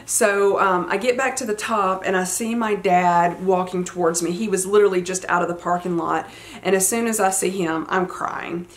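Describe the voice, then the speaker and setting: A woman's voice: fairly low pitch, steady tone, moderate pace. Chatty Southern woman telling a story. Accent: Southern American. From United States. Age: 40s. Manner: chatty, many fillers, retells quotes animatedly. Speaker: vlogger. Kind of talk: casual storytelling chat.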